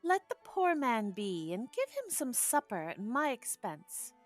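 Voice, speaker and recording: A woman's voice: fairly high pitch, sing-song, measured pace, faint music behind, pitched above the performer's own voice. A woman reading an audiobook, voicing a young aristocratic woman with a slight French lilt and a musical, sing-song way of talking. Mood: gracious.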